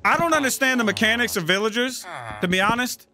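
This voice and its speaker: A man's voice: extremely high pitch, lively intonation, fast talker, bright, forceful tone, faint music behind. A man giving casual, profane, exasperated commentary while playing a game and talking to himself. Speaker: gaming channel host.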